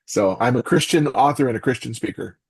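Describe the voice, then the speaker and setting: Earnest, animated middle-aged man. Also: medium pitch, fairly quick, creaky, slightly rough. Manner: earnest, animated, with quoted asides. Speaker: podcast guest, author and voice actor. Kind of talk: casual interview talk.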